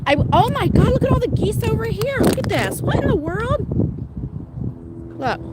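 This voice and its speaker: A middle-aged woman livestreaming from her phone on an outdoor walk, telling rambling, excitable stories to her viewers. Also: very high-pitched, normal speed, very noisy. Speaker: livestream host. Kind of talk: casual live-stream chat. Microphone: phone held at arm's length.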